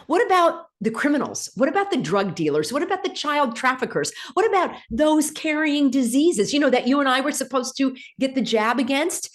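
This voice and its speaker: A woman's voice: sits high, lively intonation, brisk, hardly any pauses. Emphatic woman ranting. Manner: emphatic, rhetorical questions, sarcastic. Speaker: show host. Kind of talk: direct-to-camera rant.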